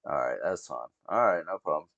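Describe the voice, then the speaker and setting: A man's voice: a bass voice, animated, a little fast, a bit bright, dry recording. A man hosting a reaction video, rambling and swearing as he talks straight to his viewers. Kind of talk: casual reaction commentary.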